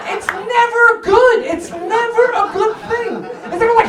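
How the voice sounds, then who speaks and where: A man from New York doing a stand-up comedy set in an apartment, talking in a profane, animated way and acting out his family's voices. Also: very high-pitched, normal speed, few pauses, a crowd in the background. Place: apartment living room. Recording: roomy sound from a distant mic.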